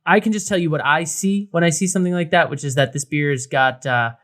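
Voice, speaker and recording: A man's voice: on the high side, quick pace, a bit bright. A man co-hosting a beer podcast, talking casually with lots of fillers and restarts. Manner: rambling, many fillers and restarts. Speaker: podcast co-host. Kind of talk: casual beer review chat.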